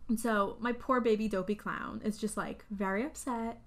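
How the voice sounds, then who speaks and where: A woman's voice: medium pitch, fairly even intonation, normal speed, hardly any pauses, a little hiss or hum. A young woman co-hosting a podcast, chatting casually and animatedly, swearing and acting out scenes in voices. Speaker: podcast co-host. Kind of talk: casual chat recapping a film.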